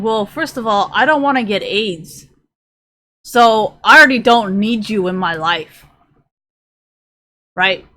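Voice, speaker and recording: A woman's voice: fairly high pitch, a little slow, long pauses, sharp tone. A woman streamer ranting to her live chat, profane and rambling, sometimes drifting away from the mic as she browses.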